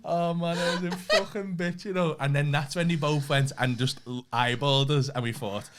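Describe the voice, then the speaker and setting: A young man co-hosting a podcast tells a story in casual chat, swearing freely and laughing often. His voice is medium-pitched and steady at a moderate pace, against a noisy background.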